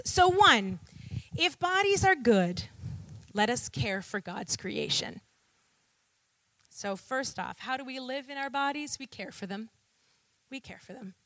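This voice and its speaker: Woman preaching a sermon, lively and animated, high bright voice, slow steady delivery. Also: dry recording. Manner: lively preaching, rhetorical questions and call-and-response.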